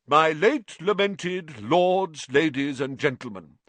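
A man's voice: a little high, animated, slow pace, fairly bright tone, dry recording, voice pushed up, exaggerated voice. A man voicing a stately ghost nobleman with a formal, pompous manner. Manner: formal and pompous, speaks darkly.

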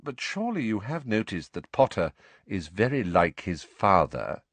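A man's voice: fairly low pitch, very animated, dry recording. A man doing Snape, a silky sneering teacher. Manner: silky, sneering, slow and soft. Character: cold, sneering, silky male potions teacher.

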